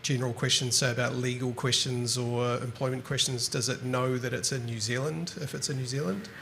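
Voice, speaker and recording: A man's voice: mid-range voice, steady tone, a little fast, vocal fry, fairly bright tone. Audience man asking a question from off the mic, faint noise. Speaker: audience member.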